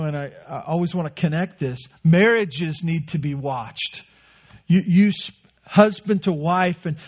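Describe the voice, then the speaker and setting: Pastor guy preaching, earnest and chatty, repeats himself for emphasis, slightly higher voice, muffled lo-fi sound. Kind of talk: sermon. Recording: dull lo-fi recording.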